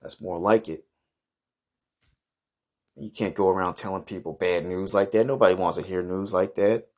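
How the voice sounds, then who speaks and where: A man's voice: deep voice, fairly even intonation, normal speed, darkish tone. A man telling a crude comic story in the first person, brash and swaggering, who swears a lot and bursts into outrage. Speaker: comedy podcast host.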